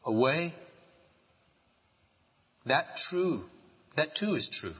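A man preaching a sermon as a pastor, building from quiet passages to loud, impassioned outbursts. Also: on the high side, big pitch swings, extremely slow, breathy edge, long reverb tail, muffled recording.

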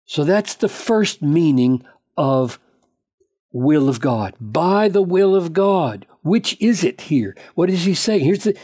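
A man preaching an expository Bible lesson, emphatic and deliberate, quoting verses and pressing each point home. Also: a little high, animated, warm tone, breathy edge. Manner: emphatic, slow and deliberate with sudden bursts of speed on quotations.

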